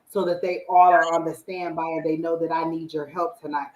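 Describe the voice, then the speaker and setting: A psychic reader hosting a live stream gives spiritual advice to her audience in a casual, animated way, often acting out her own inner voice and quotes. Her voice is low and brisk, with few pauses, and it rings in an echoey room.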